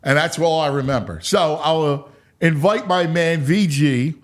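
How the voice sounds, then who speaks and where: A man hosting a sports talk show, telling a story in a lively, animated way. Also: on the high side, a little slow. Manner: animated storyteller, acts out quotes. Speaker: sports radio host.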